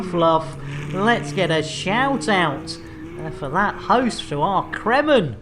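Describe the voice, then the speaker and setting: Jokey streamer, rambling banter. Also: male voice, high-pitched, lively intonation, slow pace, over music. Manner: jokey, rambling, repeats catchphrases. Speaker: game streamer. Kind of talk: live-stream commentary.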